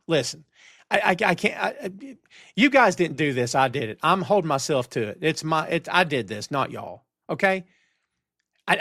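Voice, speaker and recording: Man, middle-aged, podcast host, animated, reads chat aloud, high-pitched, dry studio sound. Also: no echo. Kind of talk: live-stream wrestling talk show. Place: home studio on camera. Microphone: headphones and studio mic.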